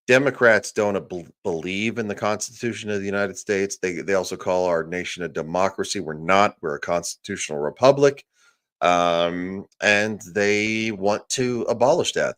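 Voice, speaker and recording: Low-voiced man ranting on a livestream. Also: fairly bright tone. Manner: profane, heated, ranting. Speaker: livestream host. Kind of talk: casual political commentary stream.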